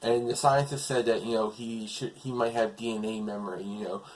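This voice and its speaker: A man's voice: fairly low pitch, steady tone, fairly quick, darkish tone, poor audio. A man casually retelling a TV episode as a reviewer, rambling along with lots of fillers.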